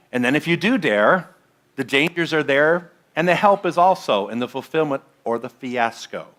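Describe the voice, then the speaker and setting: Male minister, bright voice, chatty sermon that quizzes the pews. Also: mid-range voice. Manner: conversational, asks the congregation questions. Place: church sanctuary.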